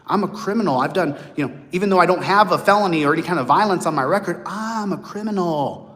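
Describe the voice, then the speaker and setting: A man in his late forties talking to viewers in a blunt, animated monologue, acting out other people's voices. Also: high voice, fast. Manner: blunt, profane. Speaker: host. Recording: long hall reverb.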